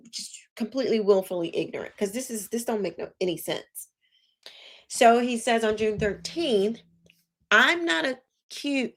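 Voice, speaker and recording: Brief: woman commentary host, reads messages aloud, sarcastic asides, mid-pitched voice. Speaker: show host.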